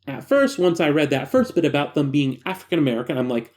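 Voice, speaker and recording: A man narrating a creepy case file, then slipping into joking, self-mocking asides. His fairly high voice is lively, rising and falling freely as he reads and comments. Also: fast talker, hardly any pauses. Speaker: narrator and host. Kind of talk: reading a horror file with casual commentary.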